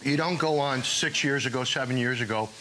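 A middle-aged man pitching his food products on a home shopping show, animated and joking, sometimes talking with his mouth full. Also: a little fast, slight background noise, low-quality recording. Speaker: guest brand founder.

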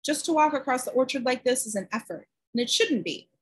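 A woman reading aloud, voicing a small, frail boy who talks quietly and earnestly and is short of breath. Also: sits high, lively intonation, brisk, pitched above the performer's own voice, low-quality recording.

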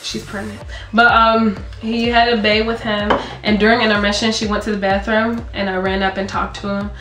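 A young woman vlogger chatting casually, telling an animated story and acting out quotes in a higher voice. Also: a little fast. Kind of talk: casual chat. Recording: echoey room with faint music.

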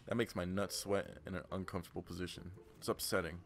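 A man's voice: sits low, steady tone, a little fast, slight background noise. A young man giving profane, ranting gameplay commentary as a gaming channel host. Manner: profane, ranting, trash-talking.

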